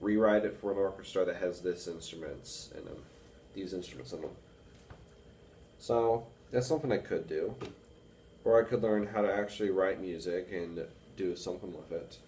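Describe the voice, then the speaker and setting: A young man with a baritone voice, rambling casually to camera with many fillers about reading and analyzing music. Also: moderate pace, dark tone, distant mic, a little hiss or hum. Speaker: music student vlogger. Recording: echoey room with faint music.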